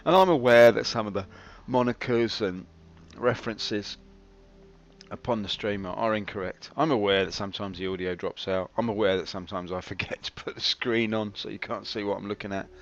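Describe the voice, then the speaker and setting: Talking fairly quickly in a voice on the low side, a game streamer gives casual live commentary full of chatty, wry self-mockery. Faint game music plays under the slightly dull stream audio.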